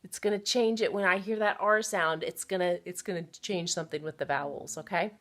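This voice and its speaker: A woman's voice: on the low side, fairly quick, a bit bright. A woman teacher giving a recorded phonics lesson to children, patiently sounding out words and encouraging them.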